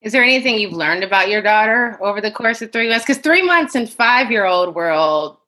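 A woman's voice: mid-range voice, animated, brisk, pushed and bright, low-quality recording. A woman hosting an interview, asking thoughtful conversational questions. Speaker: interview host.

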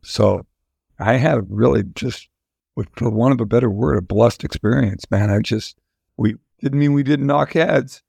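A man's voice: medium pitch, normal speed, gravelly, a little mellow, slightly rough, no room sound, studio quality. An older man, a musician guest, telling long candid stories in a casual interview, rambling with restarts.

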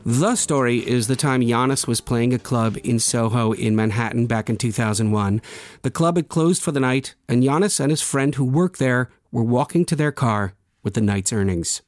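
A man hosting a radio show, narrating a polished script in a measured way. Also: mid-range voice, dry recording. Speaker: radio host.

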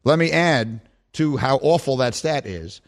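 A middle-aged man hosting a sports talk radio show, animated and chatty as he banters with his co-hosts. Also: medium pitch, unhurried.

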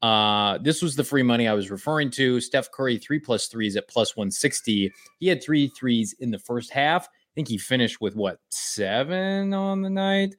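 A man's voice: medium pitch, moderate pace, few pauses, fairly bright tone, no echo, clean studio sound. A man co-hosting a sports betting show, chatting in a brash, boastful way with some swearing. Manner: brash, profane, boastful banter. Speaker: co-host. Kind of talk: casual sports betting chat.

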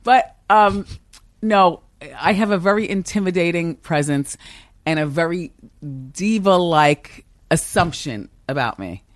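A woman's voice: lowish voice, a little slow, no echo, studio quality. Emphatic woman with a strong commanding voice. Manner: animated, emphatic, laughs often. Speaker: talk show host as podcast guest. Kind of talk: candid interview conversation. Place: office with a kitchen upstairs.

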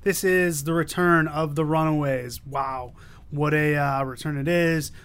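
A man's voice: fairly high pitch, fairly even intonation, measured pace, a bit bright, smooth. A man hosting a podcast, introducing new comics with playful, teasing banter. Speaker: podcast host. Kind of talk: casual comic review chat.

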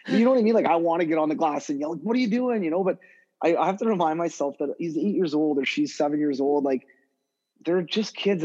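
Rambling, fast-talking hockey coach on a dull line. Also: male voice, fairly high pitch. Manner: rambling, animated, many fillers and restarts. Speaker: guest skill development coach. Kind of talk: casual podcast conversation.

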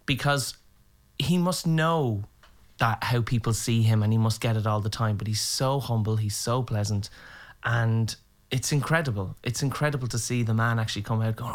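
A middle-aged Irish man chatting casually as a podcast guest, telling lively anecdotes and acting out the voices of people in them. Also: medium pitch, moderate pace. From Ireland. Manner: animated, acts out voices in anecdotes. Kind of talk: casual storytelling chat.

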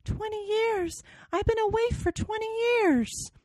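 A sobbing ghost child pleading at a window in a thin, high wail, as a woman reading aloud puts her on. The voice sits far above a normal speaking voice and sounds set back from the microphone, in a dry room. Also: measured pace, a little mellow, dry recording.

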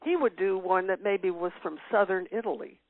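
A woman's voice: medium pitch, normal speed, dry recording. An older woman as an interview guest, reminiscing in casual chat with frequent fillers and laughs. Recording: tinny phone-line sound.

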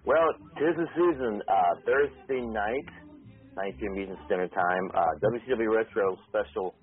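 A man co-hosting a podcast, plugging his shows in a relaxed, halting way with many fillers. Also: lowish voice, soft background music. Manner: laid-back, halting, with fillers. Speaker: co-host. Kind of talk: casual promo chat. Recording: tinny phone-like sound.

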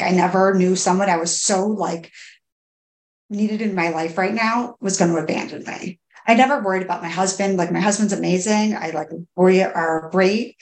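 A woman in her thirties, a podcast guest, speaking candidly and haltingly with many fillers and restarts. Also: medium pitch, vocal fry. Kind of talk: candid personal interview. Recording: echoey room.

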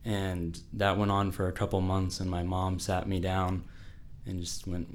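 Low, flat-voiced teenage boy. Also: measured pace, a little hiss or hum. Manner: casual, fills speech with "like". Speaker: storyteller. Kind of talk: personal story told to an audience.

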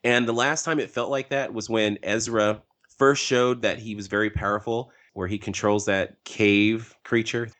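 A man co-hosting a casual podcast discussion, who rambles with animated emphasis. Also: fairly low pitch, moderate pace. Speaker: podcast co-host.

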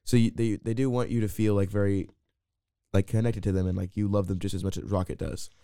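Mellow, smooth-voiced young man rambling. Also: fairly low pitch, level tone, quick pace, no room sound, studio quality. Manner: rambling, restarts often, playful banter. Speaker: podcast co-host. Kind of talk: casual movie review chat.

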